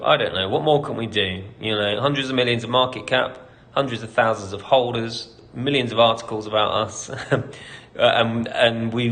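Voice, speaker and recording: British man, company CEO, casual live Q&A, candid, chatty, lots of ums, somewhat low pitch. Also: a bit bright. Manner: candid and chatty, with frequent ums and light laughter. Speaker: company CEO hosting an AMA. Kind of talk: casual live Q&A, reading out questions.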